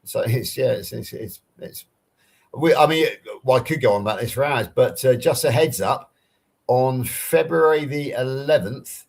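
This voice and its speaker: A man's voice: mid-range voice, normal speed, gravelly. An Englishman with a Southern English accent, chatting casually on a live stream video call and explaining things through personal anecdotes. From England. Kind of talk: casual chat.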